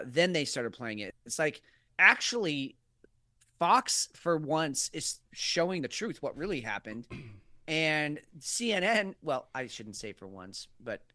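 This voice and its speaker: A man co-hosting a podcast in casual political chat, animated and profane, acting out quoted voices. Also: on the high side, no echo, clean studio sound. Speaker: podcast co-host.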